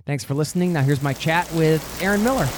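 A man's voice: fairly high pitch, fast, heavy background noise. A man hosting a travel podcast, enthusiastic and chatty. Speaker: podcast host.

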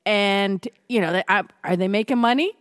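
A woman's voice: mid-range voice, moderate pace, smooth, no room sound, clean studio sound, natural voice. A woman voicing a rambling older white hippie mother who grumbles about her daughter, in a comedy podcast bit. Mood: disapproving. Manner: rambling, disapproving, meandering.

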